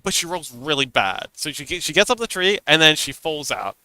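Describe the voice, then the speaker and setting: A man's voice: on the high side, sing-song, moderate pace, pushed and bright, no room sound. A man chatting casually on a livestream as a game master, telling a story animatedly and laughing often.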